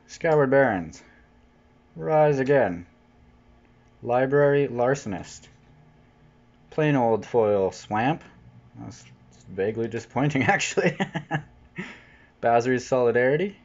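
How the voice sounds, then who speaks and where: Man, casual unboxing commentary, jokey, excitable, average pitch, dull lo-fi audio. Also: takes it slowly, creaky, long pauses. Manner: chatty, jokey, prone to excited outbursts. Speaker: channel host unboxing cards. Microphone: off-camera voice-over mic.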